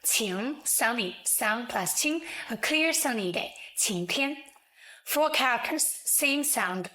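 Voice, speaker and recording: Slow, clear-spoken woman teacher. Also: a little high, animated, sharp tone, low-quality recording. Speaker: language teacher. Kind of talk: scripted educational narration.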